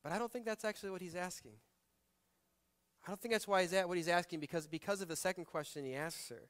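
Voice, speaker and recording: A male pastor preaches in a bright, slightly raised voice. He talks conversationally and with feeling, pressing hard on some phrases and dropping soft on others. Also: high-pitched, quick pace. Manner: conversational, emotive, shifting between loud emphasis and soft reflection. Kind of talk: sermon.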